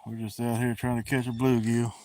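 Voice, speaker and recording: A man's voice: medium pitch, flat delivery, brisk, a little mellow, a little hiss or hum. A man chatting casually on a fishing live stream outdoors by the water, in a folksy, easygoing way. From Florida.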